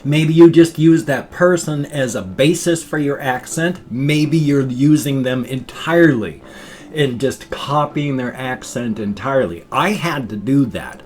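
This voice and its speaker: An older man talking in a folksy, chatty way as a vlogger, rambling through a casual daily vlog. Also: medium pitch. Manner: folksy, chatty, says thumbs up often. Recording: faint guitar music behind.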